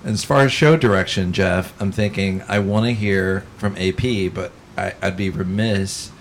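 A man hosting a casual talk show, introducing a guest in a slow, unhurried way. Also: low-pitched, fairly even intonation, a little hiss or hum. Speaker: host.

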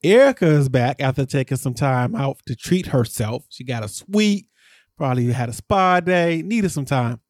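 A man co-hosting a podcast, rambling through a casual recap and jumping up in pitch when he gets exasperated. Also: lively intonation, normal speed, no room sound, clean studio sound. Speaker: podcast co-host.

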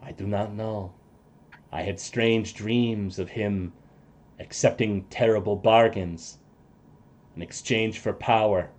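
A man voicing a weary adventurer who speaks low, quiet and solemn. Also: steady tone, slow, pauses often. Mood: somber. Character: weary adventurer man, grave and soft-spoken.

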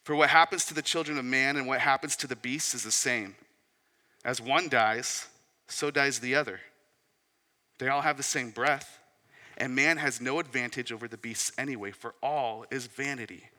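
A man's voice: medium pitch, moderate pace, bright, forceful tone. A man in his thirties preaching a sermon as a pastor, conversational, with asides and rhetorical questions. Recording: reverberant hall.

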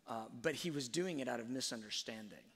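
Middle-aged man, husky and gravelly, earnest soft-spoken storyteller, hall echo. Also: mid-range voice, lively intonation, a little fast. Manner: soft-spoken, earnest, often trailing off quietly. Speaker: speaker sharing a parenting story. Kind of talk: reflective personal storytelling talk. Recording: long hall reverb.

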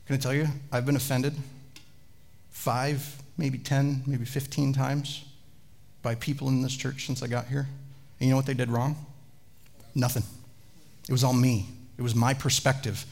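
A man, a pastor, preaching a sermon with animated storytelling and chatty asides to the congregation. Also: mid-range voice, moderate pace, vocal fry, long pauses.

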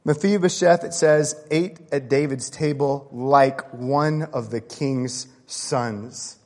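A man's voice: medium pitch, fairly even intonation, takes it slowly, a little mellow, big-room sound. A middle-aged man preaching a sermon, earnest and personal, telling stories and reading scripture aloud. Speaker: pastor.

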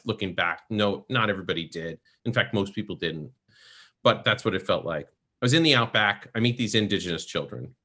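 A man, a podcast guest, telling his life story in a relaxed, reflective way, correcting himself now and then. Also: lowish voice. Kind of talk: casual storytelling interview.

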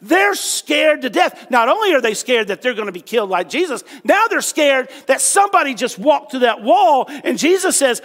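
High-voiced male pastor in a reverberant hall. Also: very animated, normal speed, hardly any pauses, fairly bright tone. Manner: casual, joking storyteller with many fillers. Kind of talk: sermon.

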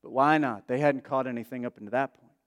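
A man's voice: medium pitch, quick pace. A man preaching a casual, conversational sermon as a pastor, full of asides and fillers. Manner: chatty, many asides and fillers. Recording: long reverb of a large hall.

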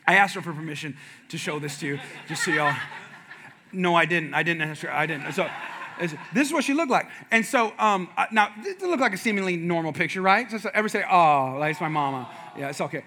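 A man's voice: sits high, brisk, slight background noise. A middle-aged man preaching a sermon, telling stories with humor and talking straight to the congregation. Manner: animated, humorous, talks to congregation. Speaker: pastor. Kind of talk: sermon with storytelling.

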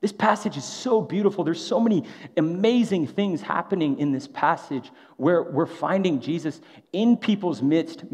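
A pastor with a fairly high, slightly mellow voice preaches a sermon in a casual, conversational manner, often throwing in a rhetorical "right?". The recording has long hall reverb and a dull, lo-fi sound.

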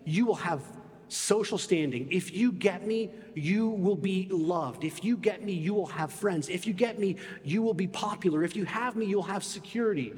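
A man's voice: high-pitched, normal speed, a little mellow, in a large hall, voice pushed up, natural voice. A man voicing money as a tempting figure that keeps making coaxing, repetitive promises.

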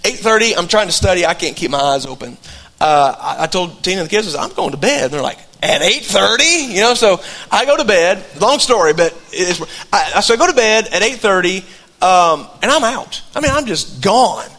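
A man's voice: high voice, expressive, brisk, fairly bright tone. A middle-aged man preaching a sermon in a conversational storytelling way, often restarting his sentences. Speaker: pastor.

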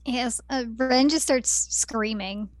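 A woman's voice: fairly high pitch, takes it slowly. A woman co-hosting a podcast in casual chat, chiming in and laughing often. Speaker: podcast co-host.

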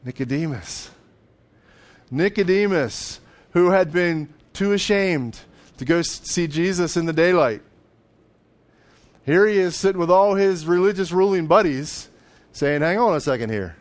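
A man's voice: sits high, a little slow. A man preaching a sermon in a conversational way, sometimes acting out voices of the people in the story. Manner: conversational, acts out voices of biblical figures, with laughs. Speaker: pastor.

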